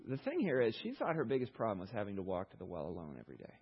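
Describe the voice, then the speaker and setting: Husky-voiced preacher telling a story. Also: male voice, fairly low pitch, racing, muffled recording. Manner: storytelling, animated retelling with rhetorical questions. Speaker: pastor. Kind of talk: sermon.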